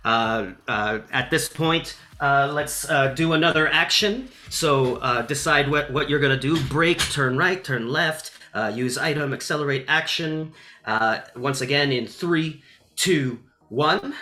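A man's voice: on the high side, unhurried, pushed and bright. A man narrating as game master of a tabletop game, casual with many fillers. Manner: casual, lots of fillers, laughs easily.

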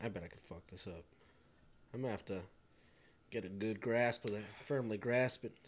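A man's voice: fairly low pitch, normal speed. A young man in casual chat while tasting beer, laid-back and swearing often.

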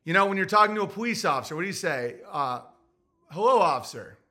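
A man with a New Jersey accent hosting a podcast, talking in an animated casual monologue and acting out quotes in put-on voices. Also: high voice, very fast. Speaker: podcast host.

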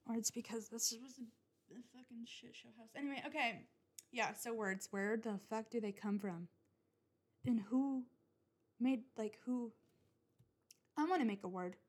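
Rambling young woman podcaster, higher voice. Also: unhurried, pauses often, a little mellow. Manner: rambling, swears often, many restarts and fillers. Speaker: podcast host. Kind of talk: casual solo podcast rant.

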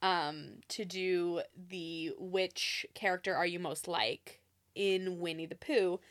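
A woman's voice: on the low side, steady tone, slow, dry recording, clean studio sound. A young woman hosting a casual chat, talking loosely with lots of fillers and laughing often. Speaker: podcast co-host.

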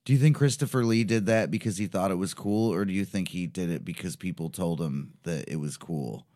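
A man's voice: sits low, a little fast, dark tone. A man co-hosting a casual podcast, curious and asking questions with wry asides. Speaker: podcast co-host. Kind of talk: casual chat. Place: recording studio.

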